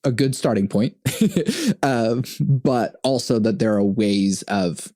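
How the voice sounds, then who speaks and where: A man with a soft, mellow voice hosts a casual podcast conversation. He thinks out loud, pausing and restarting, and breaks into laughter often. The sound is dry and close, with no room around it. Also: fairly low pitch, animated, no echo. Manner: thoughtful, halting, laughs often. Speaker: podcast host.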